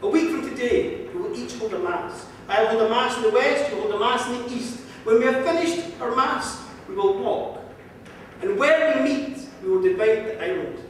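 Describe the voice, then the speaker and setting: A man acts out a stern, bitter old saint who talks slow and hushed. His voice sits high for a man, and it rings in a big echoing hall, caught from well back. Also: slight background noise. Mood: cunning. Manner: slow, low and quiet. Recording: echoey hall from far off.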